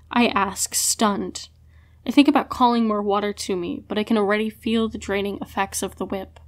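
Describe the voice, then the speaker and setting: A woman narrating a first-person fantasy audiobook in an expressive way. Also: mid-range voice, normal speed.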